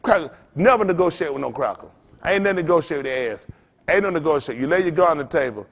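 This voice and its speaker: A man's voice: a little high, lively intonation, quick pace. A man preaching to his congregation in a blunt, profane, rambling style, trading call-and-response with the room. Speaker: pastor.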